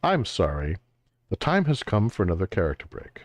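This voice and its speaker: Recorded with no room sound, this man's low voice swings hugely in pitch and runs a little fast. He's streaming a game, offering joking, wry let's-play commentary full of exaggerated outbursts.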